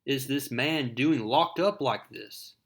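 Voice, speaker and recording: A man's voice: mid-range voice, slow pace, fairly bright tone. A man voicing a shocked female government agent who demands answers in an indignant tone.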